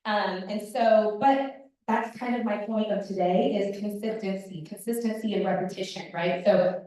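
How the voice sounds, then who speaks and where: A woman's voice: mid-range voice, fairly even intonation, moderate pace, dark tone. A woman leading a network marketing team, giving a casual motivational talk. She is chatty and self-deprecating, and she acts out her own past remarks. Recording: echoey hall, voice from a distance.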